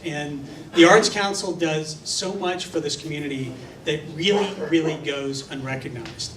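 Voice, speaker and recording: A man hosting a live event as emcee, talking in a playful, teasing, self-deprecating way. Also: on the high side. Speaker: event host. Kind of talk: joking emcee speech. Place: large event hall. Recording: echoey hall mic from far off, crowd.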